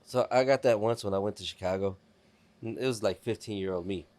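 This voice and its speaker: A man's voice: lowish voice, brisk, darkish tone. A man, hosting a podcast and telling stories in a casual, profane way.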